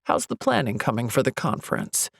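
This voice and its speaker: Woman playing a suave male self-help guru in a romance audiobook, gravelly and very lively, dry close sound. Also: a bass voice, fairly quick, dry recording, voice pushed down, heavily acted. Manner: smooth, polite, a bit self-conscious.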